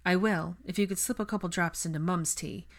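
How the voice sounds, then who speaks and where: A woman's voice: lowish voice, fairly even intonation, fairly quick. A woman voicing a weary, apologetic young man.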